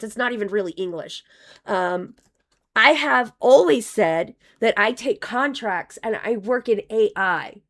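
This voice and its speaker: Her voice is mid-range with a fairly bright tone, though it's wearing thin as she loses it. This woman is live-streaming, reading donations and commenting casually in a rambling, profane manner with many restarts.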